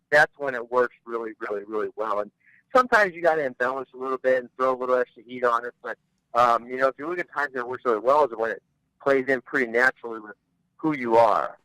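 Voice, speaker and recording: A man's voice: medium pitch, pushed and bright, smooth, no room sound, poor audio. A man talking bluntly as a podcast guest, rambling and restarting his sentences in casual chat. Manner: blunt, rambling, repeats words when starting.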